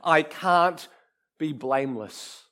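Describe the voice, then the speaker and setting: Earnest high-voiced male preacher. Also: expressive, takes it slowly. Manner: earnest, emphatic preaching with dramatic drops to a hush. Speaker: pastor. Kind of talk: sermon.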